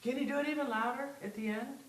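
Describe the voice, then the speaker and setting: A woman's voice: high-pitched, quick pace, roomy sound, recorded from a distance, rough recording. A woman music teacher coaching a student in a masterclass, patient and giving step-by-step instructions over a video call.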